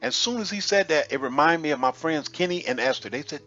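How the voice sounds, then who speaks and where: A man telling a personal testimony in an animated, storytelling way, laughing often and restarting his sentences. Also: on the high side, a little fast, few pauses, muffled recording. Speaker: testimony vlogger. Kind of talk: casual spoken testimony.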